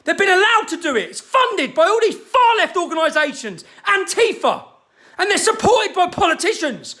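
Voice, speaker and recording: A man delivering an angry, swearing rant straight to the camera, firing hectoring questions and shouting. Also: extremely high pitch, big pitch swings, moderate pace. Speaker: activist ranting to camera.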